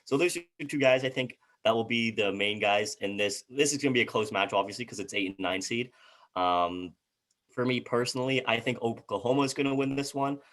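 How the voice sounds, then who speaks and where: A man's voice: medium pitch, a little fast, a bit bright. A man co-hosting a casual sports chat, reading out team records and stumbling over player names. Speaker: co-host.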